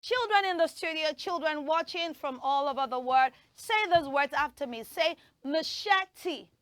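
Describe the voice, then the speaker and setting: A woman's voice: high-pitched, normal speed, fairly bright tone. A woman with a Nigerian accent hosting a children's TV show in a studio, teaching pronunciation in an upbeat, coaxing way and drilling words for children to repeat. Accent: Nigerian English. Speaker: children's TV host.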